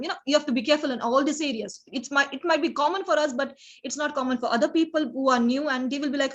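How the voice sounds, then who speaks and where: A woman preaching an informal sermon in a halting, earnest way, with frequent restarts and "you know". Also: sits high.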